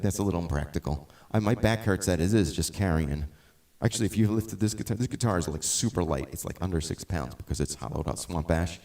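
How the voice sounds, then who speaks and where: A middle-aged man, a musician hosting a live stream, fills the gaps between songs with relaxed talk. His voice is very low and mellow, and he tends to ramble, restart his sentences and drift off topic.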